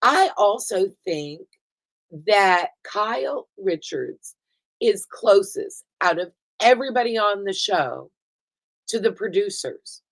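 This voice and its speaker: A woman's voice: mid-range voice, expressive, takes it slowly, rough recording. Profane, gushing woman recapping reality TV. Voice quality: profane, gushing, laughs often. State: high. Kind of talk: casual chat.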